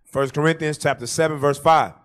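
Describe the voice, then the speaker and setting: A man reading scripture aloud in a steady, respectful way. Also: fairly high pitch, fairly quick. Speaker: scripture reader.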